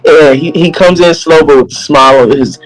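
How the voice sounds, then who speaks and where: A man's voice: on the high side, moderate pace, faint music behind, poor audio. A man playing a tabletop game, describing his character's actions. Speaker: player. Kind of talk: casual game chat.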